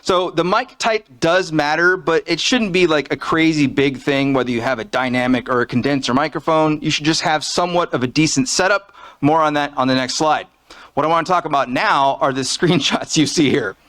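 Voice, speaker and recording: A man's voice: fairly high pitch, a bit bright. A man giving a casual, joking talk from behind a podium on a conference stage, speaking into a fixed podium microphone.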